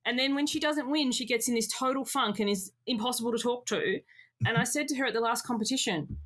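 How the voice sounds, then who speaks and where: A woman in her thirties or forties telling frank personal stories as a podcast guest, expressive and lively. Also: on the high side, fast talker. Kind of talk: candid personal storytelling.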